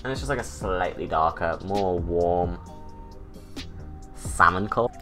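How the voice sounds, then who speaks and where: A young British man talks his way through a get-ready-with-me makeup routine, camp and self-mocking. His voice sits fairly low but comes out bright and bold. Soft music plays faintly behind him. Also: a little slow. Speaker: drag artist vlogger. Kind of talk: chatty get-ready-with-me tutorial.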